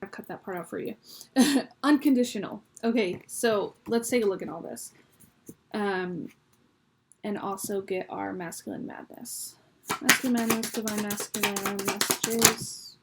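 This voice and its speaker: A woman's voice: mid-range voice, measured pace, vocal fry, a little mellow, slight background noise. A woman giving a casual tarot reading to her viewers, chatty and reading card words aloud with frequent ums. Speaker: tarot reader.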